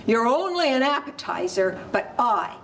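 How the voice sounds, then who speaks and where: A woman's voice: on the high side, big pitch swings, a little slow, creaky, a bit bright, slight background noise, exaggerated voice. A woman storyteller voicing a grumpy, smelly old male troll who growls his lines. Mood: growling. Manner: growling, bad-tempered.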